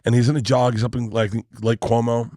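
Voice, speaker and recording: A man's voice: mid-range voice, a little fast, no room sound, studio quality. A comedian in his fifties telling stories in casual podcast chat, acting out voices as he goes. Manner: animated storyteller, acts out voices. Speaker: guest comedian.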